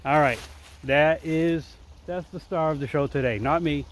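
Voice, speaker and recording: A man's voice: fairly high pitch, moderate pace, slight background noise, poor audio. Upbeat man vlogging by a forest waterfall. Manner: upbeat, enthusiastic, addresses viewers as folks. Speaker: outdoor vlogger. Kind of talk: casual nature vlog, talking to camera. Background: running water.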